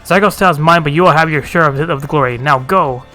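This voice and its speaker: A man's voice: a little high, quick pace, bright, forceful tone, soft background music. A man voicing a fierce, proud female huntress bent on vengeance, speaking in curt commands.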